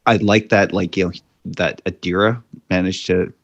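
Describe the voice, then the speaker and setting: A man co-hosting a podcast, speaking casually in a halting way with many restarts, on a slightly muffled recording. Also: low-pitched, fairly even intonation, gravelly, no echo. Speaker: podcast co-host. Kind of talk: casual review chat.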